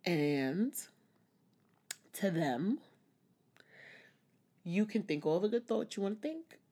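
A vlogger speaks candidly and reflectively in a personal vlog, letting out small laughs now and then. Her medium-pitched voice is warm, slow and sing-song.

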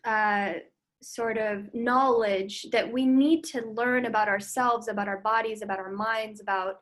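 Reflective woman, slightly high voice. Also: a bit bright. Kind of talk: casual conversation.

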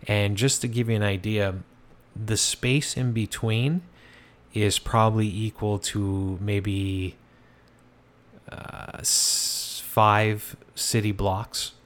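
A man with a fairly low voice tells a ghost story in a loose, conversational way. He stops and restarts often and fills the gaps with "uh" and "kinda". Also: slow pace. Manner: relaxed, conversational, many fillers and restarts. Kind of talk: casual storytelling.

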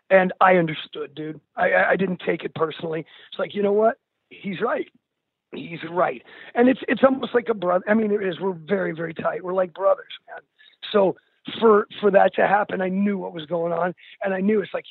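A man's voice: high voice, husky, no room sound. An older man, a musician, speaking as an interview guest in an earnest, candid way, calling the host dude and bro. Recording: tinny phone line.

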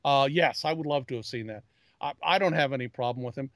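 A man co-hosting a loose pop-culture chat, who rambles and trips over his own restarts as he owns his geekiness. His voice sits at an ordinary middle pitch, and it is recorded close and dry, with no room sound around it. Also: quick pace, no room sound. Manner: rambling, repeats words and restarts often; self-described geek. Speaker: podcast co-host. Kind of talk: casual chat.

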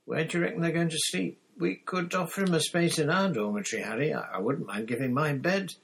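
Guy doing a excitable teen boy, voice pushed up high, keeps exclaiming. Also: creaky, a little hiss or hum. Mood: eager. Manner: eager, quick to exclaim. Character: excitable teenage boy, awestruck and indignant.

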